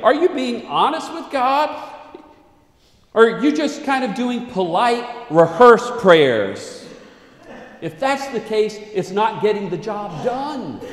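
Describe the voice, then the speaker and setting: A male pastor preaching a sermon in a dramatic way, swinging between loud declaiming and hushed asides. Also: sits high. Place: church sanctuary. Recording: echoey church sanctuary with long reverb.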